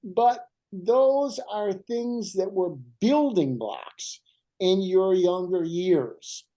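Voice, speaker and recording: Older male guest with a mellow voice and a lively delivery, telling heartfelt stories. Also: high voice, poor audio. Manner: animated and emotional, slows down for emphasis. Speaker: guest writer. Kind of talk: heartfelt storytelling.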